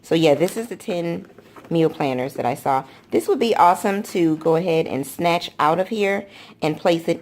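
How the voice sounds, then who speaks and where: A woman's voice: on the low side, a little mellow. A woman chatting casually through a product walkthrough, gushing and often repeating how much she loves things. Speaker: planner vlogger.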